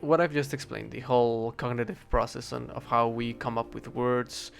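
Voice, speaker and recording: A man's voice: mid-range voice, flat delivery, normal speed, gravelly, soft background music. Rambling young man, hesitant and self-correcting. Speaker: English teacher. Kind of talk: casual rambling talk while gaming.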